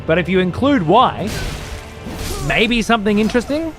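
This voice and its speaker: Animated, foul-mouthed male game streamer. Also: sits high, moderate pace, music in the background. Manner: profane, ranting at chat. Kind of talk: live gameplay commentary.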